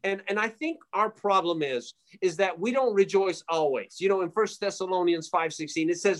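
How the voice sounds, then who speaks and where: A man's voice: high-pitched, lively intonation, normal speed, few pauses, a bit bright. A man giving a fervent preaching testimony as a guest, emphatic and repetitive, with frequent fillers.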